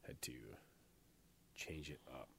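A man's voice: slow, sharp tone, slight background noise. A man co-hosting a podcast, telling rambling, profane stories in casual chat, full of fillers. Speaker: podcast co-host.

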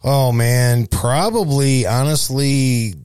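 A man with a St. Louis accent co-hosting a casual local news chat, joking and lively with playful asides. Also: medium pitch, takes it slowly, clear, resonant tone, no echo. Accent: St. Louis, Missouri. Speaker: show co-host.

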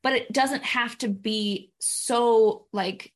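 A woman's voice: on the high side, slow. A woman hosting an interview, thinking aloud and encouraging her guest as she asks her questions. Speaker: interview host. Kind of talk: casual interview.

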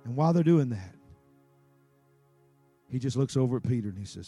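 A man preaching a sermon, animated and emphatic, swinging between loud peaks and quiet asides. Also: medium pitch, brisk, long pauses, husky, faint music behind.

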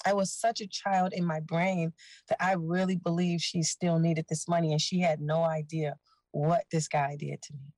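A woman with a lowish voice tells her own story to an interviewer, earnest and unhurried. The sound is dry and close, with no room around her. She speaks plainly and openly as she recounts each step. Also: no room sound, low-quality recording. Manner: earnest, animated retelling, voicing others in dialogue. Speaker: guest.

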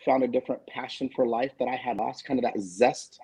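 A man's voice: medium pitch, steady tone, a little fast, creaky, dark tone, husky, low-quality recording. A man in his forties talking candidly and emphatically in a casual panel chat, swearing freely as a guest author. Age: 40s.

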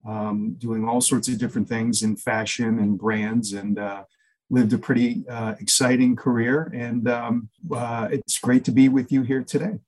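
Relaxed man podcast guest. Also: medium pitch, a little slow, low-quality recording. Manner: relaxed, many fillers. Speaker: guest consultant. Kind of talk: podcast interview.

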